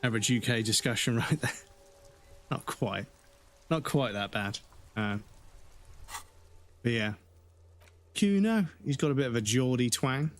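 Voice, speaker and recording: A man's voice: mid-range voice, expressive, measured pace, pauses often. Rambling British man streaming a game. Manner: rambling, hesitant, many fillers. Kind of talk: casual live-stream commentary.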